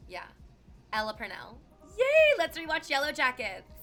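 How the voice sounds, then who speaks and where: Bright, chatty woman streamer. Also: mid-range voice, normal speed, faint music behind. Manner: chatty and animated, bursting into laughs and exclamations. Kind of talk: casual chat reading viewer messages.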